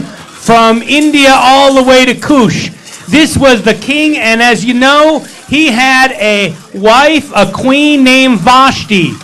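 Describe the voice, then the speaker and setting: A man's voice: very high voice, a bit bright, low-quality recording. Joking man retelling a holiday tale. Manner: joking, playful asides. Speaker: service leader. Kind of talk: humorous storytelling at a service.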